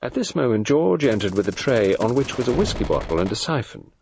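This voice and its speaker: A man narrates a mystery novel in a measured, dry storytelling manner. His pitch moves in lively swings through the sentences, at a middling register. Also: creaky, slight background noise. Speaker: audiobook narrator. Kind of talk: scripted narration.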